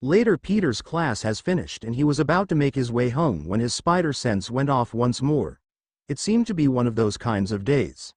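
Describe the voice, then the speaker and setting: Brief: man narrating fan fiction, expressive, mid pitch. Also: moderate pace, dry recording, clean studio sound. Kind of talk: reading fan fiction aloud.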